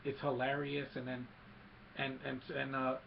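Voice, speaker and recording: A man excitedly recapping a movie scene by scene, mixing in sound effects and quick character quotes. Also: mid-range voice, vocal fry, dull audio, slight background noise. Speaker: movie reviewer.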